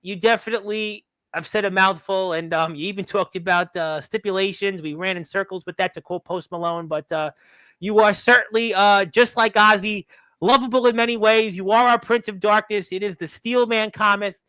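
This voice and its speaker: A man's voice: high voice, fairly even intonation, moderate pace, bright, forceful tone, clear, resonant tone, dry recording. A man hosting a talk radio show, rambling along with lots of "um" fillers.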